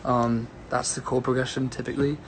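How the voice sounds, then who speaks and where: Young male singer-songwriter, casual and rambling, mid-pitched, phone livestream chat. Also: little pitch movement, brisk, slight background noise. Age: young adult. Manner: rambling and easygoing, greeting viewers by name. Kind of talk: casual livestream chat answering viewer questions.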